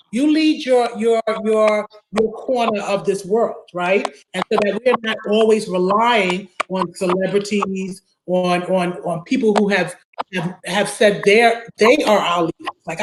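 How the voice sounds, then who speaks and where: A woman with a Brooklyn accent, a guest attorney in an interview, talking emphatically, repeating words and ending points with "right?". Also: medium pitch. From Brooklyn, New York. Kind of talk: interview conversation. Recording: faint background noise.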